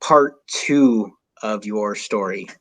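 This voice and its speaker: A man hosting a podcast in casual interview chat, talking in an animated, rambling way full of "like". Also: lowish voice, slow, no echo. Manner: animated, rambling, heavy use of "like". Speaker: podcast host.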